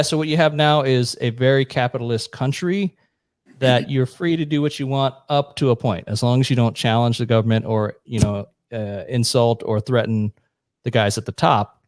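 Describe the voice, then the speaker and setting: Male co-host, mid-pitched, blunt and profane, long casual explanations, dry close sound. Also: steady tone, moderate pace, no echo. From United States. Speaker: podcast co-host. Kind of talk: casual chat.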